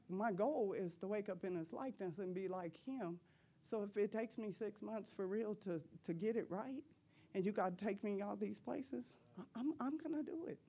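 At church, a woman delivers an emphatic personal testimony sermon in casual, slangy preaching talk, often laughing between lines. Her mid-range voice has a dark, slightly rough tone.

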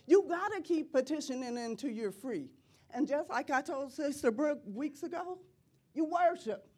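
A middle-aged woman giving an impassioned preaching testimony in church, repeating phrases and rising to loud cries. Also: sits high, expressive, moderate pace.

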